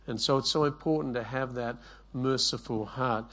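A middle-aged man delivers a sermon at an ordinary pitch. He tells stories from family life and scripture, slipping into the voices of the people he quotes. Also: moderate pace, fairly bright tone. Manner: storytelling, acts out quoted voices. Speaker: pastor.

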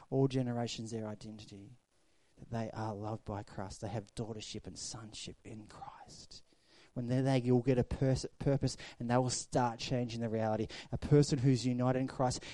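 Male pastor, middle-aged, sermon delivery, warm low-key tone, goes loud then hushed. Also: no room sound. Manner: storytelling preacher, swings from loud to hushed.

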